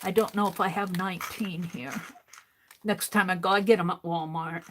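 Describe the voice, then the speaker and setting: An older woman hosting an art livestream, chatting casually to herself as she works and counting items out loud. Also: lowish voice, steady tone, slight background noise. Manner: unhurried, talks to herself while working, counts items aloud. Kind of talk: casual crafting livestream chat.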